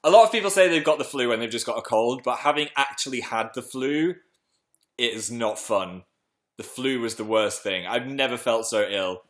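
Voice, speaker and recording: A young man hosting a casual livestream from home, chatting playfully and reading comments aloud. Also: a bit bright. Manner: chatty, playful, jumps into high silly voices. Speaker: livestream host.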